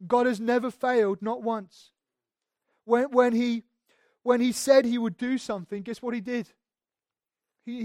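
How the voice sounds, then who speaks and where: A male pastor preaching a sermon in a church, earnest, moving between hushed passages and emphatic ones and often restarting his words. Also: very high voice, dry recording, studio quality. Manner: repeats words when restarting.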